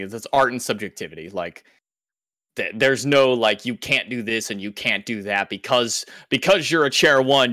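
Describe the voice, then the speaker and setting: A man's voice: medium pitch, bright, forceful tone, no echo, clean studio sound. A man who works as an esports caster, explaining things in loose casual podcast talk with lots of filler words.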